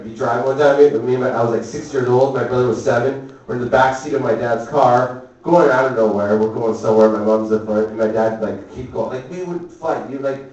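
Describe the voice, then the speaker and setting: Profane stand-up comic in echoey club. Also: male voice, medium pitch, darkish tone, far from the mic, muffled recording. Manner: rambling, profane, quick asides to the crowd. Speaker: stand-up comedian. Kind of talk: stand-up storytelling. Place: comedy club. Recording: echoey club recorded from afar.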